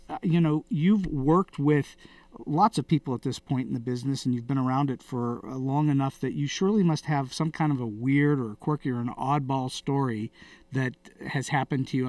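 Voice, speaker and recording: A man's voice: medium pitch, a little mellow, no echo, recorded from a distance. Effusive man hosting an interview. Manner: effusive, rambling questions with restarts. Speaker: podcast host.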